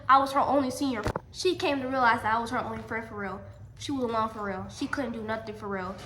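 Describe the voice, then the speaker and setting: A young adult woman telling a personal story in a storytime vlog, animated and emphatic, often repeating her lines. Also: high voice, noisy background. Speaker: vlogger. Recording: echoey room.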